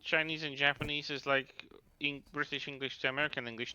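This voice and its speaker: Bright-voiced man on muffled chat audio. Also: on the high side, flat delivery, brisk, a little hiss or hum. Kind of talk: casual chat.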